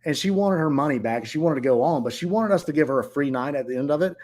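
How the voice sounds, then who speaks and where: A man's voice: fairly high pitch, lively intonation, quick pace, a little mellow. A middle-aged man who owns short-term rentals, telling viewers a story in a blunt, profane, heated way.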